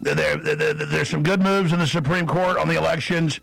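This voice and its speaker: A man hosting an interview show, emphatic and quick to interject. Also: on the high side, vocal fry, fairly bright tone, no echo. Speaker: talk show host. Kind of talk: interview talk.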